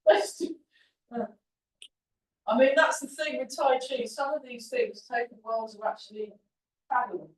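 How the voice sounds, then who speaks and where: A woman teaching a tai chi class, chatty and encouraging as she talks through the moves. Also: a little high. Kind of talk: teaching a class while demonstrating. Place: large roomy class hall. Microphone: camera at a distance. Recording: echoey hall from far off.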